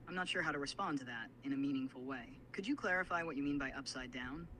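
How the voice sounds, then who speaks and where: A man's voice: mid-range voice, fast, slight background noise, rough recording. A text-to-speech male AI assistant voice, apologetic and formal in its replies. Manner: apologetic, even-toned and formal.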